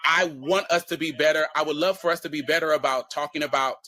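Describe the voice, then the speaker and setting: A man's voice: on the high side, quick pace, bright, forceful tone, dry recording. A man giving earnest, hesitant remarks as a panelist.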